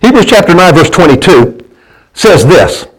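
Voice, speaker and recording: A man's voice: fairly high pitch, big pitch swings, moderate pace, husky, low-quality recording. A man preaching a sermon, in a folksy manner that keeps asking the congregation to answer back and often stumbles and restarts his words. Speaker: pastor.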